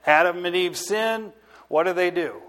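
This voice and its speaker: A man delivers a sermon in a high, light voice at an unhurried pace. He stretches the important words and pauses often to ask whether the listeners are following him. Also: fairly bright tone. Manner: asks the audience if they are listening. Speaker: pastor.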